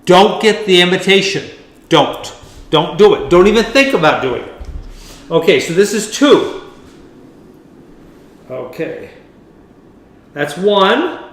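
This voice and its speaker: A man's voice: sits high, big pitch swings, takes it slowly, vocal fry, long pauses, echoey room. A man hosting a home cooking video, chatting playfully and teasing his cameraman as he mixes. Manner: playful, camp, talks to the cameraman and to the food.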